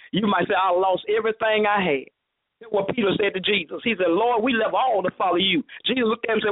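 A man's voice: high-pitched, quick pace, husky. A man preaching a fervent, rhythmic sermon over a call-in radio line, acting out God's words as dialogue. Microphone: phone call. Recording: tinny phone line.

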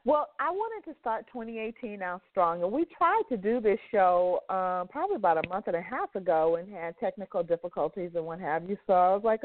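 A woman's voice: medium pitch, expressive, brisk, hardly any pauses. A woman hosting a faith talk radio show, her voice nasal from congested sinuses, speaking fervently and repeating words for emphasis. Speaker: host. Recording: phone line.

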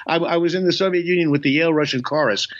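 A man's voice: a little high, racing, noisy background. Playful older man, dull lo-fi audio. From Indiana, USA. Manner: playful, jokey, many fillers and restarts. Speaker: guest, comedian and voice actor. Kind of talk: rambling anecdotal storytelling.

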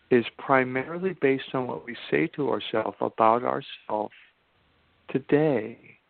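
An older man telling his story as a podcast guest, slowing down to stress key points. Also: medium pitch, vocal fry, no echo. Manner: emphatic, slows down for key points. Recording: tinny phone-line sound.

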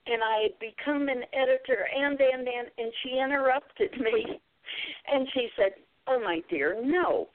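A woman from southeastern Kentucky with an Appalachian accent, a guest telling her story in a folksy way. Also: high voice. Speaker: guest, author and speaker. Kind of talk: storytelling interview. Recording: tinny phone-like sound.

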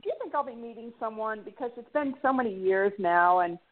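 A woman's voice: fairly high pitch, expressive, brisk. A woman calling in to a radio show, talking hesitantly with fillers. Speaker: caller. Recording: tinny phone line.

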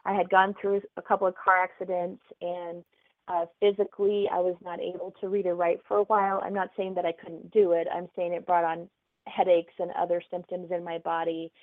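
A woman's voice: fairly low pitch, little pitch movement, fairly quick, no room sound. Chatty Oklahoma woman on a tinny call line. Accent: Oklahoma Southern. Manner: chatty, laughs easily. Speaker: guest author. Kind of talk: casual interview chat.

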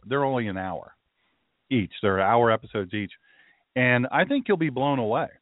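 Here the pastor's voice sits fairly low as he delivers a meandering, casual monologue full of side comments and restarts. There's no echo; the sound is thin like a phone call and totally dry.

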